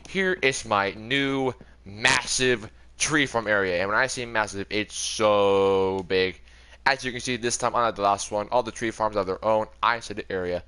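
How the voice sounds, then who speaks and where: A man's voice: lowish voice, bright, forceful tone, clear, resonant tone. A young man giving a casual, rambling tour of his game world, often correcting himself as he goes. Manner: rambling, chatty, self-correcting. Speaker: gaming video creator.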